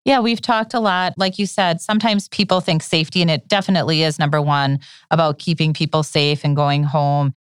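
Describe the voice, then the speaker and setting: A woman's voice: deep voice, steady tone, brisk, hardly any pauses, smooth, dry recording, studio quality. A woman hosting an interview, asking encouraging questions. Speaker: podcast host. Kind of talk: interview talk.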